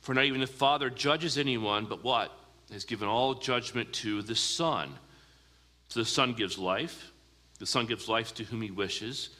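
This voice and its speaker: A man preaching a sermon as a pastor, earnest, asking the listeners questions and slowing down for emphasis. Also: medium pitch, bright, forceful tone, big-room sound.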